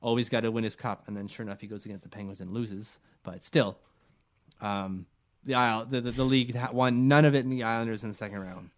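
A man's voice: on the low side, fast. A young man co-hosting a casual sports chat, joking and acting out silly voices as he talks. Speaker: podcast co-host.

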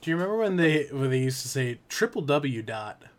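A man's voice: medium pitch, sing-song, brisk. A man co-hosting a casual podcast chat, joking and swearing, now and then slipping into goofy announcer voices. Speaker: podcast co-host.

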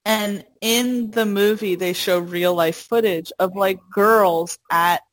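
A woman's voice: medium pitch, steady tone, takes it slowly, very noisy. A woman co-hosting a podcast, rambling casually with lots of fillers. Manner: rambling, full of "like" and "blah blah". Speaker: podcast co-host. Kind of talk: casual chat.

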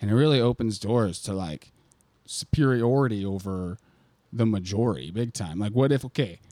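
A man's voice: on the low side, normal speed, warm tone, dry recording. Profane rambling male podcast host. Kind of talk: casual podcast chat.

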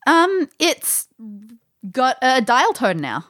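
A woman's voice: high voice, wildly swooping pitch, takes it slowly, fairly bright tone, no echo, clean studio sound. A woman acting as game master, describing scenes in an escape-room game with light amusement.

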